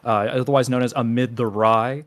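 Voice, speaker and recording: Relaxed chatty male stream guest. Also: mid-range voice, fairly quick, dry recording. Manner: relaxed, chatty, lots of fillers. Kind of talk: casual live-stream chat.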